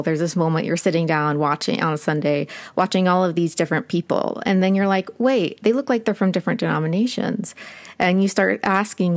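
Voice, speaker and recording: A woman's voice: on the low side, a little mellow. A woman interviewer talking chattily with many fillers before she asks her question. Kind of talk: interview conversation.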